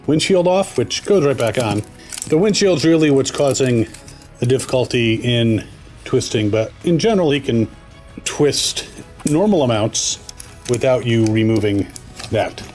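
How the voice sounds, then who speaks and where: A man's voice: on the high side, a little mellow. A man hosting a casual toy review, thinking aloud with enthusiasm as he handles the figures.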